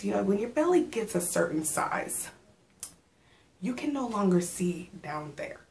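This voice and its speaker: A pregnant woman in her thirties chatting casually in a vlog, telling stories with animated quoted asides and sometimes getting out of breath. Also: sits low, vocal fry, a little hiss or hum. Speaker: vlogger.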